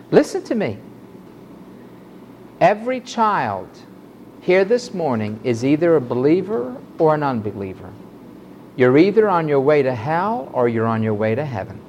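Fiery preaching man, lively swooping voice. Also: a little hiss or hum. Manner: fiery, dramatic preaching, swinging from loud outbursts to low asides. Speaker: pastor. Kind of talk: sermon.

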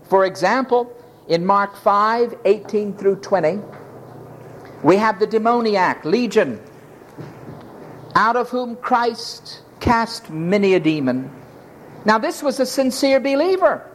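A male preacher delivers a sermon with dramatic energy. His pitch swings widely from low to high, and he acts out each scene as he goes. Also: lively intonation, slow pace, pauses often, slight background noise.

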